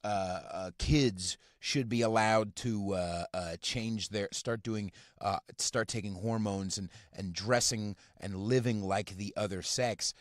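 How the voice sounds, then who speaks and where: A man hosting a podcast from inside his car, ranting casually and profanely in a halting, rambling way full of fillers. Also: on the low side, dry recording, clean studio sound. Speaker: podcast host. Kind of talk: casual rant.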